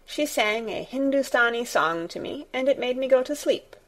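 A woman reading the part of a sickly, demanding young boy in a storybook, a little higher than her narrating voice. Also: animated, moderate pace, fairly bright tone. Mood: imperious. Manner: demanding, petulant.

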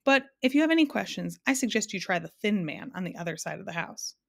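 A woman's voice: mid-range voice, expressive, quick pace, creaky. A woman reading aloud and voicing a muddled, fussy middle-aged man in a storybook.

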